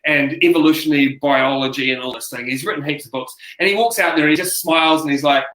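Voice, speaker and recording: A man's voice: a little high, fast talker. A man, a speaker coach chatting as an interview guest, telling stories animatedly with frequent restarts. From New Zealand. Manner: animated storyteller, acts out quotes, many restarts. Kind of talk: casual interview chat. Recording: roomy echo.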